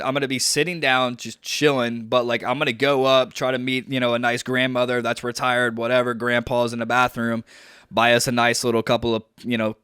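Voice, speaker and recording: Young man, podcast co-host, rambling joking chat, smooth clear voice, dry close sound. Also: mid-range voice, fairly bright tone, no room sound. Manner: rambling, joking, heavy on fillers. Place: at home on a video call.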